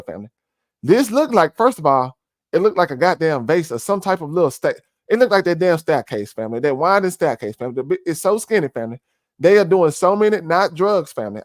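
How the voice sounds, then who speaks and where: A man's voice: a little high, dry recording. Preachy man, close dry mic. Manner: preachy, repeats "family", heavy fillers. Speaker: commentary streamer. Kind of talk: casual conspiracy commentary.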